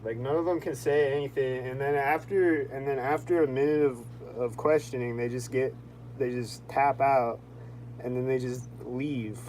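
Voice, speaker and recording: A young man talking casually in a vlog, rambling and filling his speech with "like", quick to sound annoyed. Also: medium pitch, steady tone, darkish tone, slight background noise, rough recording. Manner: rambling, heavy on "like", quick-tempered. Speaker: vlogger.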